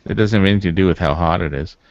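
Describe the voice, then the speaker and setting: A man's voice: low-pitched, rapid-fire, dry recording, muffled recording. A man in a casual podcast chat, making wry, dry remarks. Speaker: podcast co-host.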